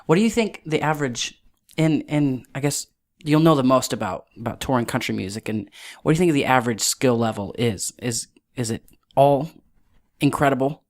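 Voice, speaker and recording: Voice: mid-range voice, normal speed, a little mellow. A podcast host interviewing a guest in a home basement, friendly, laughing often and giving short encouraging replies. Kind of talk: casual interview chat.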